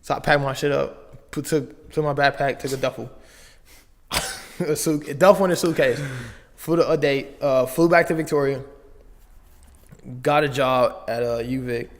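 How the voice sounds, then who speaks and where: A young man from Las Vegas speaks with a gravelly, fry-edged voice. He tells his story in a loose, slang-heavy way. A long reverb trails behind his words. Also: medium pitch, normal speed, pauses often. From Las Vegas, United States. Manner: slangy, animated retelling with frequent "like" and "bro". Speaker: podcast guest. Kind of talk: casual storytelling.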